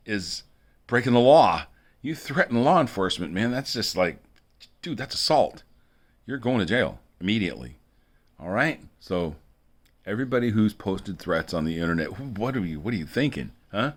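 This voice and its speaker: A man's voice: lowish voice, very animated, moderate pace. A man rambling through a monologue for his video blog, repeating himself and chuckling between asides. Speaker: video blogger.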